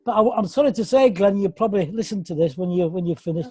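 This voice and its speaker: A man's voice: high-pitched, fast talker, warm tone, breathy edge, no room sound. An English man rambling and apologising during a casual group video call. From England. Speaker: meeting participant.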